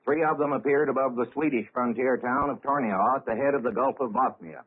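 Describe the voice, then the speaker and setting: Husky man reading 1930s radio news. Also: medium pitch. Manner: measured, formal delivery with dry wry asides. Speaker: radio newscaster. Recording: tinny lo-fi 1930s radio broadcast.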